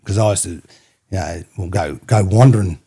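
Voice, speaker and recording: Telling stories as a podcast guest, an Australian man from New South Wales rambles, repeats himself, and keeps checking in with "you know what I mean". His deep voice is warm and slightly rough with vocal fry, at a moderate pace, in a storytelling interview.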